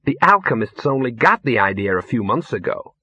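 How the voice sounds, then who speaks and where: A man's voice: mid-range voice, big pitch swings, fairly quick, bright, forceful tone, husky, dry recording, heavily acted. A man voicing a frightened, bewildered young woman who speaks uncertainly and tries to stay reasonable.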